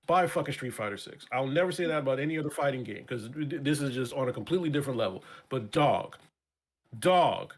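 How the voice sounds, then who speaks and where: A man's voice: medium pitch, expressive, fast talker. A man as a guest on a casual live-stream chat show, ranting passionately with many repeats and profanity.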